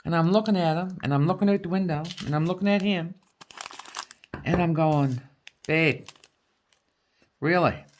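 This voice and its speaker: A woman's voice: on the low side, a little fast, mellow, slight background noise. A woman from Newfoundland with a Newfoundland accent, chatting casually with her viewers while crafting at home and laughing often. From Newfoundland, Canada. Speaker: crafting vlogger.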